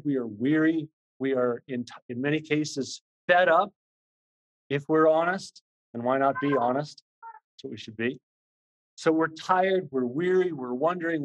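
A man's voice: on the high side, normal speed, low-quality recording. Earnest man preaching conversationally. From Canada. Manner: earnest, repetitive, many restarts and fillers. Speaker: visiting preacher. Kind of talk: conversational sermon.

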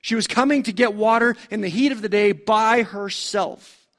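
High-voiced preacher asking rhetorical questions. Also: male voice, moderate pace, fairly bright tone. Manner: conversational, full of rhetorical questions. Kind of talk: storytelling sermon.

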